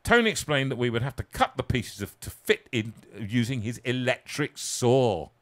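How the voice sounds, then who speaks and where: A man reading his own comic story aloud, theatrical and self-mocking, moving from hushed asides to loud peaks. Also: medium pitch, very animated, normal speed.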